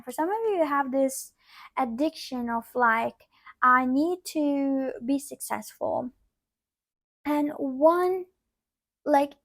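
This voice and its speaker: A woman with a sick, cracking voice giving a casual pick-a-card tarot reading, rambling and often trailing off quietly. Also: sits high, creaky, dry recording. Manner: rambling, repeats "like", drops to quiet asides. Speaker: tarot reader.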